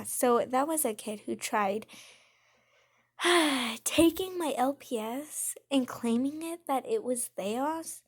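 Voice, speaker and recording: A woman telling casual storytimes about school over gameplay, chatty and framing each quote with "I'm just like.". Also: on the high side. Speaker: storytime vlogger.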